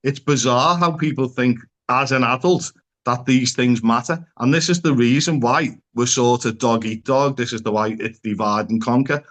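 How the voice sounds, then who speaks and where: A man's voice: medium pitch, fairly bright tone. A man who is a psychotherapist, talking as a podcast guest in an earnest, conversational way and often posing rhetorical questions.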